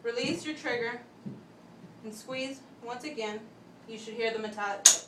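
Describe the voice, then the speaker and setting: A young woman giving a step-by-step class demonstration speech, talking methodically with pauses and restarts. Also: a little high. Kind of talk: step-by-step instructional demo. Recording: echoey room, voice from a distance, faint background hum.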